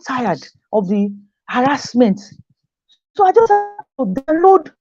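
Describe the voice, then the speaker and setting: A fairly high-voiced woman teacher gives a motivational talk, pressing her points home by saying them twice. The recording is dry and dull, with a muffled lo-fi sound. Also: sing-song, slow pace, darkish tone, no room sound, faint music behind. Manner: repeats key phrases for emphasis, acts out quoted voices.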